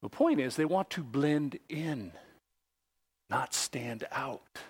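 A man preaching a sermon, acting out the voices he quotes and swinging between loud outbursts and hushed asides. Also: mid-range voice, animated, takes it slowly, slightly rough. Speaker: pastor.

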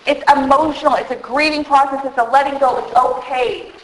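A woman's voice: high voice, fairly even intonation, a little fast. Earnest woman preaching in an echoey hall. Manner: earnest, emotional, direct address to audience. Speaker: women's conference speaker. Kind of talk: sermon. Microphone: handheld microphone.

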